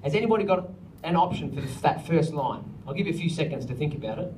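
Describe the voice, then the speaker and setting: A man leads a songwriting workshop as music director, cracking jokes with the group and often singing lines to demonstrate the melody. His voice is slightly high, expressive, quick and a touch mellow. He's recorded from a distance, with faint ambience and a little background noise.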